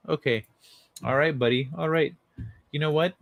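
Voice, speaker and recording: A man's voice: on the high side, normal speed, gravelly, long pauses, no echo, clean studio sound. Laid-back man chatting with his viewers. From Central America. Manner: laid-back, chuckles often, swears casually. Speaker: livestream host. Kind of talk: casual chat with viewers.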